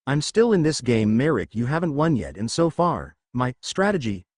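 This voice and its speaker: A man's voice: medium pitch, very animated, normal speed, no room sound. A man voicing a determined young male duelist hero in a storybook reading. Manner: resolute, challenging.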